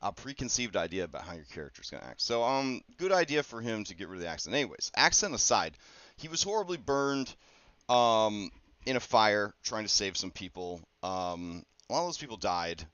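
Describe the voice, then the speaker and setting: A man working as a game master, talking casually through his campaign prep in a rambling, conversational way with many fillers and quick asides. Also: fairly low pitch, big pitch swings, fairly bright tone, clear, resonant tone, dry recording. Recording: dull, dry lo-fi recording.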